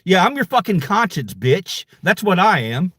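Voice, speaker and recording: This man, host of his own channel, confronts online critics in a very animated, angry, and profane livestream rant. His voice sits high, a bit bright with a breathy edge, and moves at a moderate pace. The sound is clean studio audio with no echo.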